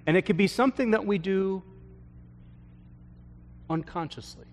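A man, a pastor, telling a story from his counseling work in an earnest sermon, often trailing off softly at the ends of phrases. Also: high-pitched. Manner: slow, earnest storytelling with soft trailing endings. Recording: long hall reverb.

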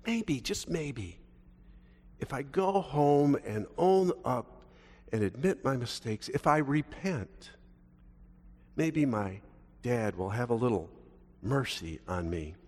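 A man voicing a remorseful young man who begs his father's forgiveness, in a soft, pleading, conversational way. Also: medium pitch, expressive, slow pace, long pauses. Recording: long reverb of a large hall.

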